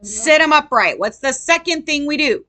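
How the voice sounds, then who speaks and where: A woman's voice: sits high, expressive, normal speed, pushed and bright. A woman tutoring nursing students in a casual review lesson, quizzing them and acting out patients.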